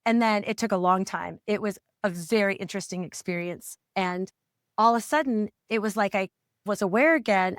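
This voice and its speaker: A middle-aged woman, a parent coach, telling a personal story as a podcast guest, reflective and halting, often restarting her sentences. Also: medium pitch, no room sound, studio quality. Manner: reflective, halting, with frequent restarts and soft laughs.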